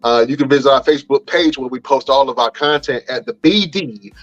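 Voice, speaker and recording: A wrestling podcast host runs through the show's plugs in a laid-back, slangy, rambling way. He speaks fairly quickly in a mid-range voice, and the audio sounds dull.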